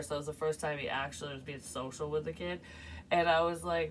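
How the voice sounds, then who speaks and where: A woman with a somewhat low voice rambles loosely through a psychic reading, swearing freely and breaking into laughter. She sits a little back from the microphone, so her voice sounds slightly distant. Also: steady tone, normal speed, a little hiss or hum. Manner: rambling, profane, laughs often. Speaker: psychic medium doing card readings. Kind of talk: casual reading chat.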